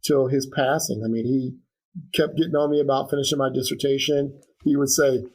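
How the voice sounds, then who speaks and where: Interview guest, middle-aged man, earnest and reflective, mid pitch. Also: level tone, fairly quick, darkish tone, low-quality recording. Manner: earnest, reflective, many restarts and fillers. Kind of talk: conversational interview.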